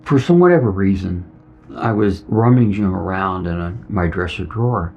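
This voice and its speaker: A middle-aged veteran earnestly tells his personal testimony, acting out the dialogue as he goes, in a low-pitched voice at a moderate pace. Soft music plays behind him on a dull, lo-fi recording.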